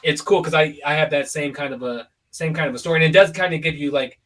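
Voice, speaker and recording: A young man hosts a casual podcast, rambling along with many "likes" and "ums." His voice sits a bit high and sounds bright and forceful. He is a little far from the mic. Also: fast. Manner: relaxed and rambling, full of fillers and likes. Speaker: podcast host.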